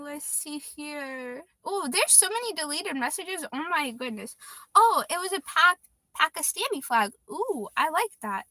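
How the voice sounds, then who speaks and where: A woman's voice: high voice, bright, forceful tone, no echo. A woman in her twenties chatting casually on a livestream, reading viewer comments aloud and laughing often. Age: 20s.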